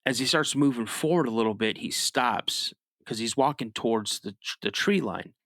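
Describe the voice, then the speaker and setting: A man tells a story as a podcast guest, in a relaxed, chatty way and at a middling pitch. He pushes his voice up high and loud to act out moments of panic. The sound is close and dry, with no room echo. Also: normal speed. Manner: animated storyteller, rises sharply when acting out his younger self shouting; frequent restarts and "you know" asides. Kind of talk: casual first-person storytelling.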